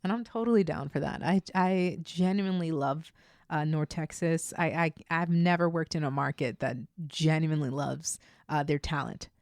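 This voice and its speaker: Woman tv anchor guest, candid, lively stories, dry room. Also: deep voice, normal speed, dry recording. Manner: candid, animated storytelling. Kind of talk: casual interview chat.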